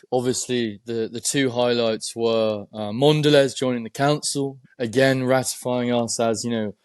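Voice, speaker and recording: A man co-hosting a casual crypto chat, talking in a measured way with many "you know"s. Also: medium pitch, darkish tone, dry recording. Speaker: co-host.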